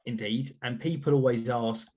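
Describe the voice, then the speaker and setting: A man's voice: medium pitch, steady tone, moderate pace, a little mellow, highs cut off. A man hosting a podcast, chatting casually in an upbeat, self-reflective way. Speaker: podcast host.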